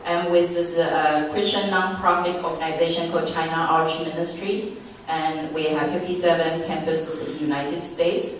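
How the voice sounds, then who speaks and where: A woman with a deep, low voice gives a presentation, talking in short halting phrases with fillers and pausing to spell words out. She sounds far from the microphone, and her voice rings around a large, very echoey room over faint background noise. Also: flat delivery. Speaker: ministry group leader giving a presentation. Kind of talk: public presentation talk.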